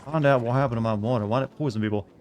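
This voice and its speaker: Talking rapid-fire in a medium-pitched, slightly mellow voice, a young man chats with viewers while streaming a video game. The casual gameplay talk rambles and is full of filler words.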